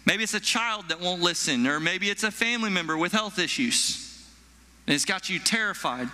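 A male pastor preaching a sermon to his church, animated, acting out frightened people with stammers and sighs. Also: sits high, normal speed. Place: church hall. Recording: long echo of a large hall.

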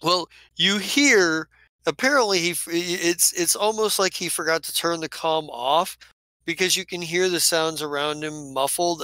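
A man narrating a tabletop game as game master, rambling through his scenes. His voice is a touch high, bright and crisp. The sound is dry and close. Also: dry recording, rough recording. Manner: rambling, many restarts, laughs often. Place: home studio stream.

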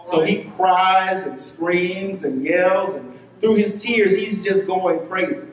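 A man preaching a sermon as pastor, telling a story with quick bursts and drawn-out words. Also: sits high. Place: church sanctuary. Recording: roomy church hall, voice from a distance.

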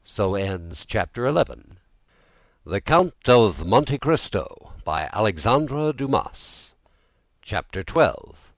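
A man narrating a classic novel as an audiobook in an expressive, theatrical reading. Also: lowish voice, takes it slowly, dry recording.

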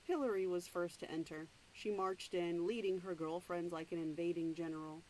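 A woman's voice: on the low side, fairly even intonation, a little mellow, a little hiss or hum, low-quality recording. A woman reading a novel aloud, stopping now and then to explain the story in her own words. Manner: plain, unhurried read-aloud narration with asides. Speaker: reader.

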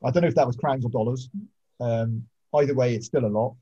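A man's voice: mid-range voice, fairly even intonation, fairly quick, mellow, husky. A man who referees rugby, telling blunt, sweary stories over a video call. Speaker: rugby referee, podcast regular. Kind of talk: casual storytelling chat. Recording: muffled lo-fi video call audio.

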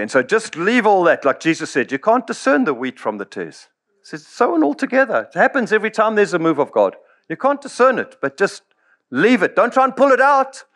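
Brief: male pastor, middle-aged, slightly higher voice, lively storytelling sermon delivery. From South Africa. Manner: storytelling, acts out quoted voices, chuckles often.

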